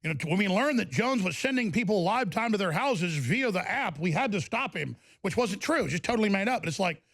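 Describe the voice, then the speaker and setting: A middle-aged man hosts a talk radio show from a studio. His voice sits high and gravelly, and he rants in an energized way, stumbling over quick restarts. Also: animated, fairly bright tone. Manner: energized, fast ranting with repeated restarts. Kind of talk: ranting talk radio broadcast. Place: broadcast studio.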